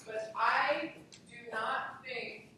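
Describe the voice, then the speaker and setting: A woman professor giving a relaxed classroom lecture, full of fillers and asides. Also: a little high, very slow, distant mic. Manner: relaxed, conversational, many fillers. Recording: echoey lecture hall recorded from afar with hiss.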